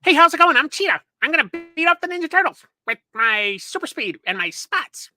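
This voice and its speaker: A man's voice: extremely high pitch, big pitch swings, a little fast, sharp tone, dry recording, soft background music, pitched above the performer's own voice, full character voice. A man voicing a boastful male cheetah mutant villain in a playful cartoon style with a raised, cheery tone. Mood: cocky.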